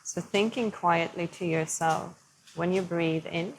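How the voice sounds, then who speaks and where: A young adult woman teaching yoga, guiding breathing in a slow, gentle, soothing way. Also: on the low side, a little hiss or hum, rough recording. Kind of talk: guided yoga instruction.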